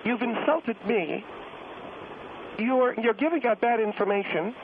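A man's voice: very high voice, measured pace, voice pushed up. A man voicing a prickly, defensive middle-aged woman caller who gets muddled with numbers and takes offense, heard over a phone line. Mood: indignant. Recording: noisy tinny phone line.

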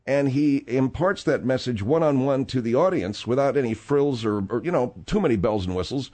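A middle-aged man hosts a talk-radio show with a lively, swooping delivery. He rambles through stories in a casual way, full of fillers and asides. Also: mid-range voice, moderate pace, hardly any pauses. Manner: rambling and animated, with frequent fillers.

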